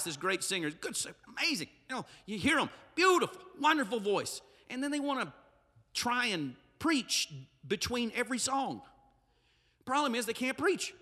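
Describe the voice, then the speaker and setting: Bright high-voiced preacher in a reverberant church. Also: male voice. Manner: humorous, emphatic preaching with asides. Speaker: pastor. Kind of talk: sermon. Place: church sanctuary.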